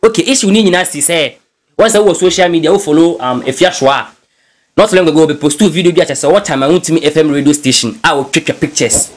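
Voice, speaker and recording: High-voiced man in animated gossip commentary. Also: quick pace. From Ghana. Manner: animated, mixes English phrases into his talk. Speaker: news blogger.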